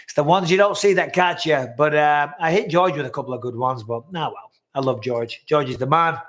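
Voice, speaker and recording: A man's voice: a little high, brisk, a bit bright. A man with a northwest English accent hosting a casual live chat, reading out viewers' comments in a joking, blunt way and swearing freely. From northwest England.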